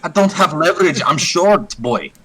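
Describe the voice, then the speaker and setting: A man voicing a short, gruff male adventurer with a Texan accent who talks brashly. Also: fairly high pitch, animated, moderate pace, a loud crowd, voice pushed up, close to an everyday voice. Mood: indignant. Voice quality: loud, brash, calls others "boy".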